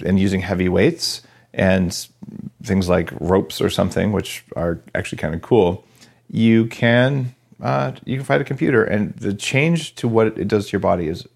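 A man's voice: low-pitched, vocal fry, a little mellow. A man from New Mexico hosting a podcast interview in a casual, joking, rambling way. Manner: chatty, joking, fast-rambling. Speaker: podcast host. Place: home podcast studio.

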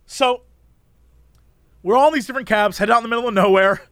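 A man's voice: very high voice, fast, fairly bright tone, no echo. A man chatting casually on a podcast, telling stories animatedly and laughing often. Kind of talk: casual chat and storytelling.

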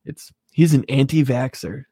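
A man's voice: mid-range voice, moderate pace, warm tone, slightly rough, no echo. A man co-hosting a casual political podcast, giving his opinions in a conversational, swearing way. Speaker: podcast co-host.

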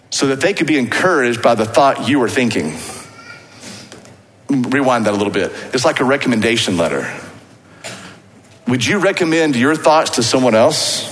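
A man's voice: a little high, a bit bright. A man preaching a sermon as pastor, earnest and rising to emphatic exhortation. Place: church sanctuary. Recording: long reverb of a church hall.

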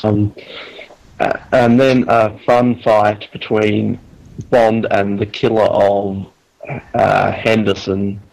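Man, gravelly voice, wry, casual film chat, um-filled. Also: lowish voice, level tone, takes it slowly, darkish tone, poor audio. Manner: wry, knowledgeable, frequent ums.

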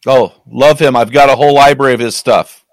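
Upbeat host with a dry close sound. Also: male voice, mid-range voice, fairly even intonation, brisk, dry recording. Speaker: podcast host. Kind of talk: interview questions.

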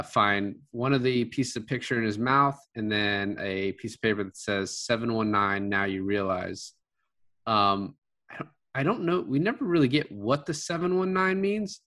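A man's voice: fairly low pitch, pushed and bright. A man casually reviewing a film with a co-host, rambling with many fillers and restarts. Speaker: podcast co-host. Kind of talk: casual movie review chat.

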